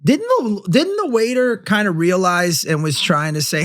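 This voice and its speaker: A man's voice: high voice, big pitch swings, normal speed, few pauses, a bit bright. A man co-hosting a podcast in casual chat, teasing his partner with dry critiques. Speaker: podcast co-host.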